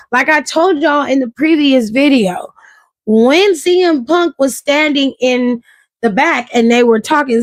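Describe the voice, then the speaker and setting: A woman hosting a casual wrestling review, talking in an animated, profane way and acting out quotes. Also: sits high, dry recording. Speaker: wrestling show reviewer, host. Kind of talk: casual commentary.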